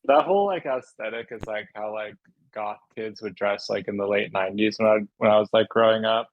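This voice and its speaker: A man in his thirties, a guest on a podcast, talking in a rambling, hesitant way full of fillers, with a gravelly voice. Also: fairly low pitch, fairly quick, lo-fi sound, slight background noise. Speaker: podcast guest, shoe designer. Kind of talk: casual chat.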